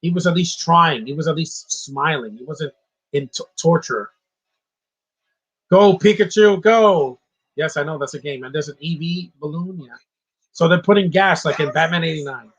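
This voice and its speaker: A man's voice: on the high side, a little fast, a bit bright, slightly rough, low-quality recording. A man giving casual live commentary on a movie, opinionated and ranting about what he dislikes. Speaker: film commentator.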